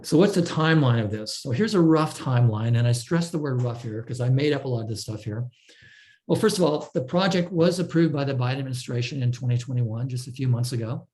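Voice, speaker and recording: A man gives a technical presentation in a warm, mellow voice at a middling pitch. He explains step by step in a measured way, often pausing on fillers and restarting his sentences. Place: online talk.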